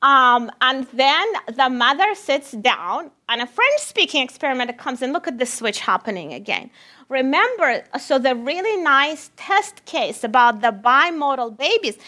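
A woman researcher with a Russian accent giving a lively lecture, addressing the audience as "my friends". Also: high-pitched, normal speed.

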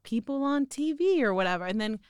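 Young texan woman, chatty, laughs a lot, smooth clear voice, dry close mic. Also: on the high side, expressive, fairly quick, dry recording. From Texas. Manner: chatty, self-deprecating, laughs often. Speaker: guest. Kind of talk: casual chat.

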